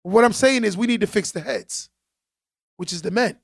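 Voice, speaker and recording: A man's voice: sits high, normal speed, creaky, husky, dry recording, clean studio sound. A man hosting a podcast, talking in an emphatic, preachy way and repeating phrases for stress. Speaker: podcast host. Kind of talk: casual podcast monologue.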